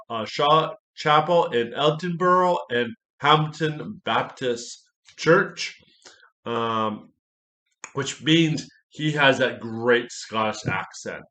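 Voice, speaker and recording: A man's voice: medium pitch, a bit bright. Man, pastor, casual book review, rambling, lots of fillers, self-corrections, enthusiastic praise.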